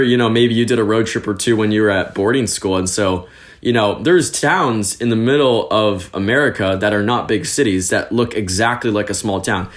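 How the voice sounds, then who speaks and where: A young man from California, a podcast guest, telling stories in a chatty, animated way with plenty of fillers. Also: on the low side. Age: young adult. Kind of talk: casual interview storytelling.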